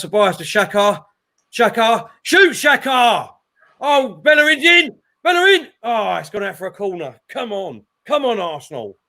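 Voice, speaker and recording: Excitable high-voiced man calling football. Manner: excitable, shouts at big chances. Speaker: watchalong host. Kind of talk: live football watchalong commentary.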